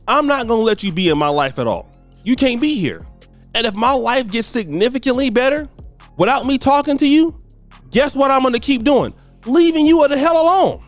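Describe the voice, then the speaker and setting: Over soft background music, a man with a very high-pitched, animated voice hosts a celebrity gossip show at normal speed. His ranting commentary is blunt and scolding, loaded with slang.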